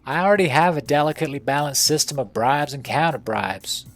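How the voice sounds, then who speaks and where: A man's voice: fairly high pitch, animated, a little fast, a bit bright, faint music behind. A man doing a brash old-time wise-guy newsman.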